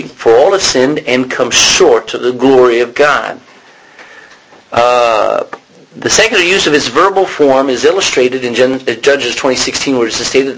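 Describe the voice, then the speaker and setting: A man teaching a sermon in a conversational way, often pausing to correct himself and clear his throat. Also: medium pitch, a bit bright, slight background noise, poor audio. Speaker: preacher.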